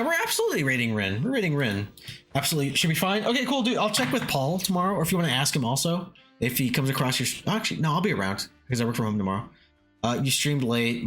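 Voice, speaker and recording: A game streamer with a mid-range, fairly bright voice talks casually with his audience. He reads chat aloud, swears freely and chuckles often, while faint lofi music plays underneath.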